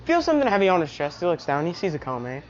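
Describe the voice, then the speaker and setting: A woman's voice: fairly low pitch, big pitch swings, fast, darkish tone. Rambling woman telling a fan story. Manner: rambling, full of "you know". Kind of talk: casual fan-fiction storytelling. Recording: dull lo-fi recording.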